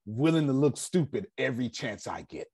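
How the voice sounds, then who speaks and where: Brief: male seminar leader, husky voice, animated preacherly delivery. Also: medium pitch, a little fast. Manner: preacherly, rhetorical questions to the audience. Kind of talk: motivational teaching.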